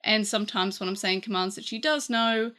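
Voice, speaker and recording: Bright chatty Australian woman. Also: mid-range voice, steady tone, brisk. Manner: chatty, rambling with fillers and restarts. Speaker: tech reviewer. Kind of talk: casual unboxing review.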